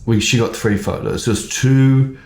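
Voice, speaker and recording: A man co-hosting a podcast in casual chat, talking in a chatty, animated way and acting out quoted lines. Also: mid-range voice, measured pace, vocal fry. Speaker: photographer and podcast co-host. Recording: echoey room.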